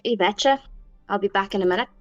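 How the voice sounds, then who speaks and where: A woman's voice: mid-range voice, fast talker, soft background music. A woman playing her character in a tabletop game, easygoing and friendly in-character chat. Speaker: player. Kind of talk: in-character role-play. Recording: dull, dry lo-fi recording.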